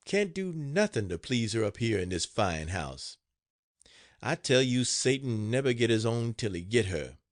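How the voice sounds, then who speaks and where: A man's voice: medium pitch, sing-song, measured pace, dry recording, clean studio sound. A man voicing a long-suffering old woman cook who grumbles and mutters in an audiobook reading. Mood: grumbling.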